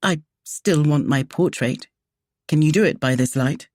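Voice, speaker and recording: A woman's voice: low voice, unhurried, dark tone, no echo, studio quality. A woman doing a reserved, earnest duke. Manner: earnest, restrained. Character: reserved shy man, a duke who breeds horses.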